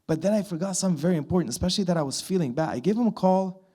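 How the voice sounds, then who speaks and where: A man of thirty holds a stage chat, his voice a touch high but dark and mellow in tone. He tells stories with lots of energy and acts out both sides of the dialogue. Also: rapid-fire. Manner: animated storyteller, acts out dialogue. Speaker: voice-over artist and sound composer. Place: event hall with live audience.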